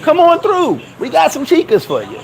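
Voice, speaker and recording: A man putting on a high, coaxing tout voice. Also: huge pitch swings, normal speed, gravelly, full character voice. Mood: mock welcoming. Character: mocking male local luring foreign tourists.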